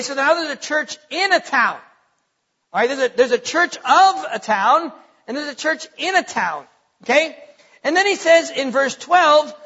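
A man's voice: extremely high pitch, pushed and bright. A man preaching a sermon as pastor, emphatic, repeating his points, with many fillers. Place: church sanctuary. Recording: lo-fi with long hall reverb.

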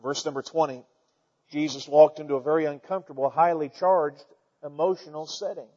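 A man's voice: a little high, fairly even intonation, a little fast, a little mellow. A man preaching a sermon, reading scripture and rising to fervent emphasis, with repeated words as he builds. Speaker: pastor. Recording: dull lo-fi sound with long church reverb.

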